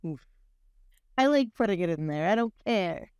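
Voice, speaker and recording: Casual stream host, male, bright high register, crisp tone, playful countdown calls. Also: expressive, moderate pace, no echo, clean studio sound. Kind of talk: casual live-stream chat.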